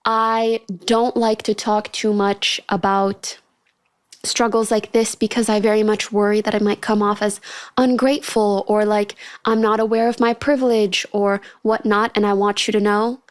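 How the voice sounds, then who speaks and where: A woman's voice: mid-range voice, little pitch movement, normal speed, dry recording. A young woman in her twenties hosting a solo podcast, talking candidly and ranting a little, with frequent laughs. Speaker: podcast host.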